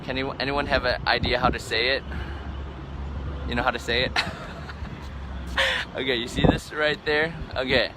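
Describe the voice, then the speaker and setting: A man's voice: mid-range voice, fairly even intonation, normal speed, long pauses. A man vlogging live outdoors among boats, answering viewer questions in a rambling, casual way full of filler words. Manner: rambling, filler-heavy, lots of "um" and "like". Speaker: travel vlogger. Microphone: phone held for a live stream. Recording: noisy outdoor background.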